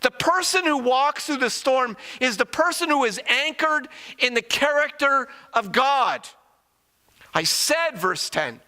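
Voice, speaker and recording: A man's voice: very high voice, expressive, unhurried, sharp tone. A male pastor from Canada preaching a sermon, firing rhetorical questions with emphasis, recorded in a church sanctuary. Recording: long reverb of a church hall.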